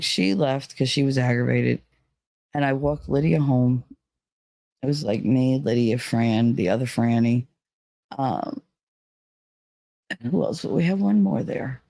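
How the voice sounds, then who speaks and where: A woman's voice: extremely low pitch, unhurried, creaky, pauses often, mellow, no echo. A woman telling a personal story in a casual, rambling way, full of "like" and "you know.". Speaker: vlogger.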